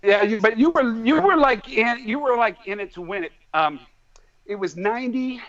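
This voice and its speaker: Excitable rambling man, high voice. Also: normal speed. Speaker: musician guest. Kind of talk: casual chat. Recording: dull lo-fi podcast audio.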